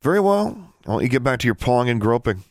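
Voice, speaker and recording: A man's voice: medium pitch, big pitch swings, quick pace, a little mellow, dry recording, clean studio sound, pitched above the performer's own voice. A man voicing a smug, taunting older schoolboy wizard.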